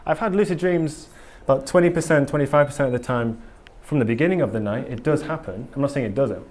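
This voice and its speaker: A man's voice: mid-range voice, fast, darkish tone. A man speaking at a conference, candid and enthusiastic, with frequent ums and restarts. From England. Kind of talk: live conference talk and Q&A. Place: conference hall.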